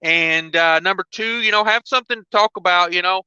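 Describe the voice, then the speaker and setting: Male trucker host, laid-back rambling chat, high smooth voice, lo-fi recording. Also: a little fast, bright, forceful tone, no echo. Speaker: trucker hosting a livestream. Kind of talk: casual livestream chat. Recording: dull lo-fi dry sound.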